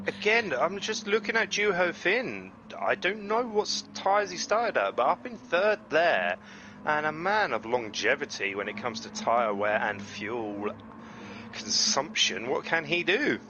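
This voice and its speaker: A man commentating on an online racing league in a casual, chatty way. He is self-deprecating and breaks into excited exclamations as the cars battle. The recording carries clear background noise with game engine sounds behind him. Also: on the high side, measured pace, highs cut off. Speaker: race commentator.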